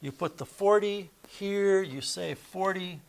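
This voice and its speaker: A man's voice: sits high, takes it slowly, vocal fry, a little hiss or hum. A male math teacher lecturing a classroom, explaining each step and correcting himself aloud as he goes.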